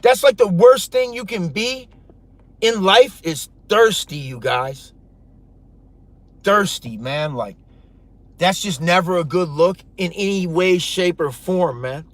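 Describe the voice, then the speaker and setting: A man's voice: sits high, a little slow, no room sound. A man in his thirties telling a heated, profane story to his viewers in a casual, rambling way. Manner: profane, heated, addresses viewers as you guys. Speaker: storytelling vlogger.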